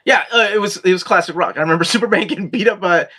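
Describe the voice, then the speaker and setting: Male host, chatty, reads viewer questions, bright and a bit high. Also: very fast. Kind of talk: live comics Q&A chat.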